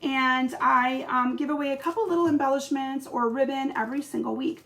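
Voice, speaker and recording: A woman from Michigan hosting a casual live craft stream, chatting with viewers and greeting them by name. Her voice is slightly hoarse from a recent cold. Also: sits high, fairly even intonation, a little fast, fairly bright tone, slight background noise.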